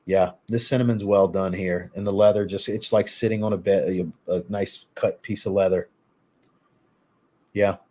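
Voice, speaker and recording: Casual male live-streamer, low-ish voice, easygoing and chatty, reacts to chat. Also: steady tone, normal speed, warm tone. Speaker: fragrance reviewer hosting a live stream.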